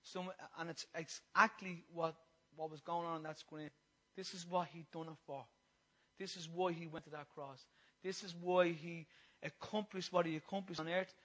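Bright, high-voiced preacher. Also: male voice, fairly even intonation, normal speed, rough recording. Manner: impassioned, repetitive, swings from loud to hushed. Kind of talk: sermon.

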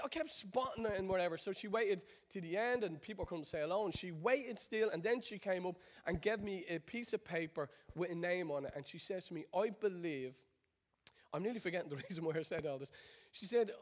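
A man from Ireland with an Irish accent, preaching a sermon in a chatty, joking storytelling way that drops into quiet prayer. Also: sits high, a little fast. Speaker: pastor.

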